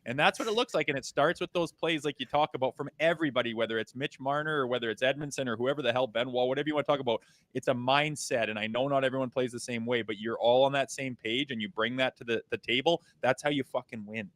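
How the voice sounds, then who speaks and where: A man co-hosting a hockey podcast, a former player who tells stories at a quick clip and swears a lot. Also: mid-range voice, a bit bright, dry recording. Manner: fast, profane, storytelling. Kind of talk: casual hockey podcast chat.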